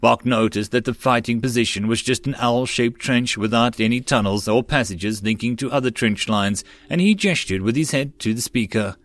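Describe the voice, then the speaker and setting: A man reading a web novel aloud as an audiobook narrator in a steady way. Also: medium pitch, moderate pace, hardly any pauses, dry recording.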